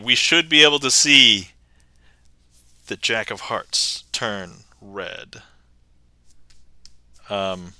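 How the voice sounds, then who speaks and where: Bright, crisp-voiced man doing playful magic patter. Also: fairly low pitch, dry recording. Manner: playful, chatty, laughs often, thanks viewers by name. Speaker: livestream magician. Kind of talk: casual livestream patter.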